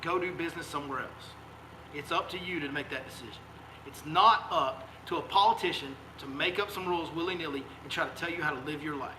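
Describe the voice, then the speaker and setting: Fiery high-voiced man ranting. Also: fast, sharp tone, slight background noise. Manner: fiery, emphatic, repeats rhetorical questions. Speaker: fishing guide and live-stream host. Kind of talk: heated political rant on a live stream. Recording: echoey room sound.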